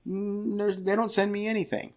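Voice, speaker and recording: A man's voice: sits high, level tone, normal speed. A man co-hosting a casual podcast, ranting in an exasperated, profane way. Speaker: podcast co-host.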